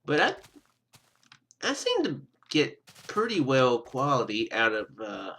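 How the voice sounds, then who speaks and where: Slow, bright-voiced rambling gamer man. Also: medium pitch, huge pitch swings. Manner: rambling, stammering, self-interrupting with chuckles. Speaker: gaming YouTuber. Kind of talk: rambling casual gameplay commentary. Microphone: webcam microphone.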